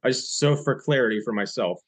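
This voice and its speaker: A man's voice: mid-range voice, fairly quick. A man co-hosting a podcast, asking curious questions in casual chat.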